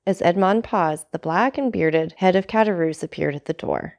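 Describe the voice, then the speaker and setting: A woman narrating a classic novel aloud in a measured, steady way. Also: fairly low pitch, vocal fry. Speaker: audiobook narrator.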